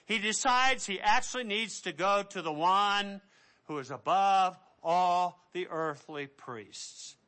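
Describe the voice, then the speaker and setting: A man preaching a sermon, telling the story in an animated way and acting out the people in it. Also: high voice. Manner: animated storytelling with acted-out voices.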